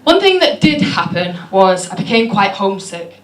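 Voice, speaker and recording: The audience laughs throughout this echoey comedy club recording of a young Manchester-born stand-up comedian. Her mid-range voice is very animated at a moderate pace, and her storytelling set is chatty and self-deprecating, heavy with fillers.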